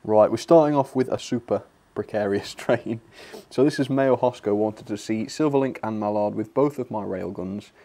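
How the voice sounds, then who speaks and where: A man's voice: on the low side, moderate pace, dark tone. A young British man hosting a live stream, chatting enthusiastically as he reads out viewer messages and shows their pictures. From Britain. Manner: chatty, enthusiastic, self-deprecating asides. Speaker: channel host reading viewer requests. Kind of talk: casual live-stream chat.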